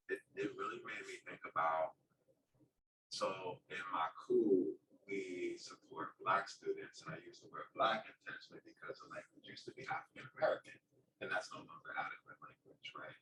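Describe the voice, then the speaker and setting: A man on a discussion panel, speaking in a reflective, animated way about working with young people. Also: low voice, roomy sound. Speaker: panelist, community youth worker. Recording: distant mic with room noise.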